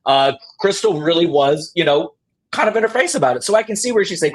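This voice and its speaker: A podcast host with a fairly high-pitched voice talks fast through a casual recap. He tells it in an animated way, acting out quotes and laughing.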